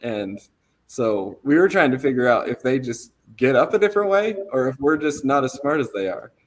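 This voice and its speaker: A man's voice: medium pitch, expressive, normal speed. A man casually walking a podcast audience through photos of a trailer, easygoing and rambling, with many ums and restarts. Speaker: trailer company representative.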